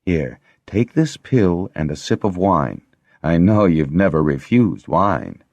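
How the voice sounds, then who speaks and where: A man voicing a calm, kindly older male healer who speaks soothingly. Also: sits low, slow, no room sound, full character voice.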